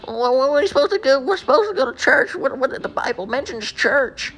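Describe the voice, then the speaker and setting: A man's voice: lively intonation, a little fast, fairly bright tone, heavily acted, rough recording. A man putting on the voice of a confused, defensive churchgoer who whines and stammers in protest. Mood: whiny. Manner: high, whining, stammering protests.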